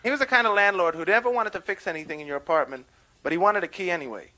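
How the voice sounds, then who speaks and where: A young man with a New York accent doing a stand-up comedy routine on a club stage, brash and quick to slip into character voices, on a 1970s live record with faint hiss. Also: high-pitched, pushed and bright.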